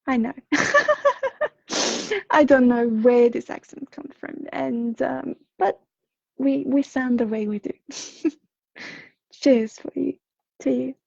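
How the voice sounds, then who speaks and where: A high-pitched woman with a Swedish accent and a gravelly, husky edge, a little under the weather. She talks gently and wanders, with lots of fillers. The sound is dull and dry, like a home livestream mic. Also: steady tone, slow pace, no room sound. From Sweden. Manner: gentle, rambling, frequent fillers and soft laughs. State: slightly unwell. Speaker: intuitive reader on a livestream. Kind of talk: livestream message reading and chat. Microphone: home streaming microphone.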